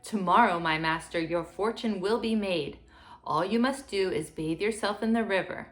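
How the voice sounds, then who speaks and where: A woman voicing a cunning talking cat who flatters royalty in a courtly, scheming way, for a children's storybook reading. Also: mid-range voice, normal speed, soft background music, close to an everyday voice. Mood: eager.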